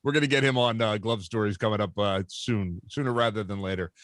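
A man's voice: fairly low pitch, brisk, a bit bright, dry recording, studio quality. A man in his fifties hosting a casual interview chat, laughing often and backchanneling. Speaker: podcast host.

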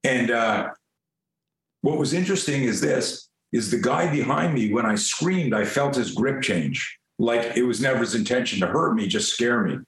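Older male guest, lively self-mocking storyteller, salty language, room echo. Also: medium pitch, normal speed, slight background noise. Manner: animated, self-mocking, swears freely. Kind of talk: casual storytelling. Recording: roomy echo.

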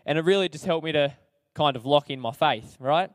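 A young man with an Australian accent tells his story casually, full of slang and fillers and laughing at himself. His voice sits a little high for a man, and the recording is dry, with no room sound. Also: brisk, no echo. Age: young adult. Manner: chatty, slangy, self-deprecating, many fillers. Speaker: speaker sharing his testimony.

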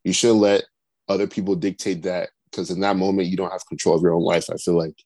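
Deep-voiced guy chatting on a podcast, says like a lot, dry close mic. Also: flat delivery, quick pace, a little mellow, dry recording. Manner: rambling, says "like" constantly. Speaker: podcast co-host. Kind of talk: casual chat.

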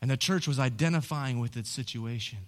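A man preaching a sermon as pastor, moving from hushed, low storytelling to loud, rising calls. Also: brisk.

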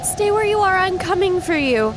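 A woman voicing a caring young woman adventurer, calling out loudly and anxiously in a storm. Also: very high-pitched, expressive, normal speed, heavy background noise, pitched above the performer's own voice. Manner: calls out loudly and anxiously in a raised voice.

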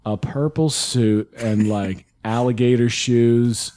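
A young man from the American South telling a story in casual chat, animated and swearing, acting out the voices of the people in it. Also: mid-range voice, takes it slowly. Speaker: guest comedian.

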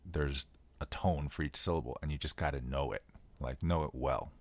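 A man co-hosting a podcast, explaining in a relaxed, casual way and often repeating himself as he works through a point. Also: very deep voice, moderate pace, dry recording. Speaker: podcast co-host.

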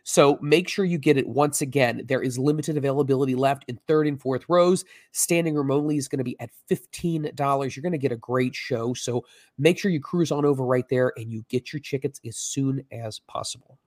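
A man co-hosting a podcast, hyping an event and pushing ticket sales with emphatic, excited talk. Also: medium pitch, a little fast, dry recording, studio quality. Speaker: podcast co-host. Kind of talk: promotional podcast hype.

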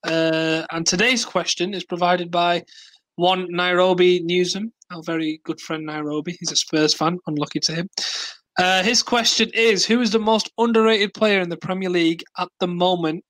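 A man's voice: high-pitched, fairly even intonation, moderate pace, a bit bright, no room sound, rough recording. A man hosting a casual football podcast, dry and self-deprecating, reading out listener questions. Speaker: podcast host.

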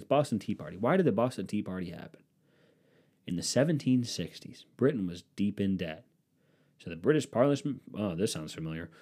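Profane rambling man, low mellow voice. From Cleveland, Ohio area. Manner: profane, sarcastic, riffing on tangents. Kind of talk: casual rambling monologue.

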